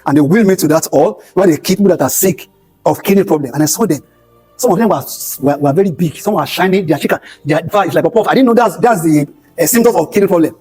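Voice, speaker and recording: Fast and fairly high-pitched, with a husky, slightly mellow tone, a Nigerian pastor and speaker delivers an emphatic motivational talk at a skills bootcamp event hall, telling stories sermon-style and repeating key phrases. Soft music plays in the background of a low-quality recording.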